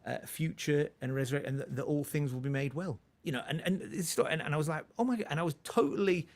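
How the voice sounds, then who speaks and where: Gravelly-voiced man in his forties. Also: a little high, steady tone, fast talker. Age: 40s. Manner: rambling, with many restarts and laughs. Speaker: guest comedian. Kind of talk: relaxed storytelling in conversation.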